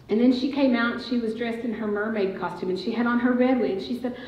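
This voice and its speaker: A woman's voice: medium pitch, steady tone, fast talker, few pauses, slight background noise. A woman preaching a sermon in a church, telling a family story and building to emphatic declarations. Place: church sanctuary. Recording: dull, echoey church recording.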